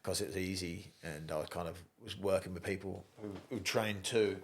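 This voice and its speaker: A middle-aged man from England with an English accent gone a little Australian, telling rough, funny stories in a relaxed interview. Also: sits low, normal speed, a little hiss or hum. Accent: English, softened toward Australian. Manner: chatty yarn-spinner, swears freely, laughs through stories. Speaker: guest, gym founder. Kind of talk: casual storytelling interview.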